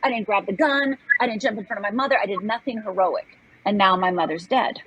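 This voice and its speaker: A fast-talking woman in her sixties, a life coach from Upper Michigan, United States, appears as an interview guest telling a personal story. Her medium-pitched voice is husky yet fairly bright, and she's earnest and emphatic, acting out the voices she quotes. The high frequencies are cut off.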